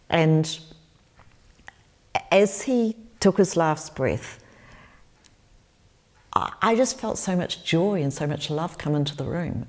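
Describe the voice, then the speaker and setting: A woman's voice: sits low, darkish tone. A New Zealand woman, in her sixties, answering interview questions as a spiritual teacher, telling stories earnestly and repeating phrases.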